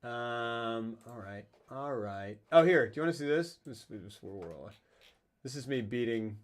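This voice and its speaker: A man's voice: medium pitch, animated, moderate pace. Guy hosting a live stream, jokey and rambly, voice jumps all over. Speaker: streamer host. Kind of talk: casual chat over gameplay.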